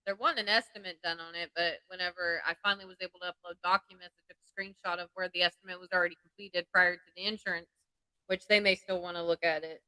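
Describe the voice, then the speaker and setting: A woman with a very bright, crisp voice, chatting casually on a live stream from home. She talks freely and laughs easily. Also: fairly low pitch, fairly even intonation, quick pace, no room sound, poor audio. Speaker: livestream co-host.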